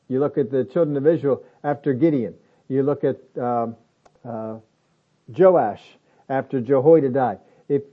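A man preaching a conversational sermon, slowing down to repeat his key phrases for emphasis. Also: medium pitch. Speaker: pastor. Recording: phone-like narrow band.

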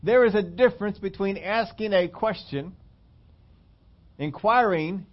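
A man preaching a sermon, acting out whiny complaining questions, then dropping low and slowing for emphasis. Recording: dull lo-fi sermon recording.

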